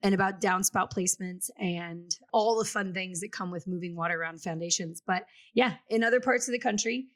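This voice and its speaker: A woman real estate agent co-hosting a casual chat, talking in an animated, storytelling way and acting out the quotes she tells. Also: on the low side, a little fast, few pauses. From Kansas City area. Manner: chatty and animated, acts out quotes.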